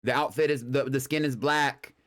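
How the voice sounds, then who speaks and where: A man's voice: mid-range voice, steady tone, moderate pace, fairly bright tone. Sassy, blunt man co-hosting a review. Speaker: co-host reviewing fashion submissions. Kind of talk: casual livestream chat.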